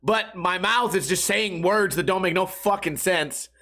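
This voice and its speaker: A man's voice: high voice, unhurried, pushed and bright. A man hosting a solo podcast, telling rambling profane stories and slipping into mock voices. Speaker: podcast host. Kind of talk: casual solo rant.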